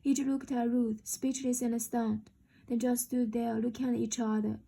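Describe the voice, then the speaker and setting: A woman reading a novel aloud in steady storytelling narration. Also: a little high, vocal fry, slightly rough, low-quality recording. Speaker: reader. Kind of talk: audiobook narration.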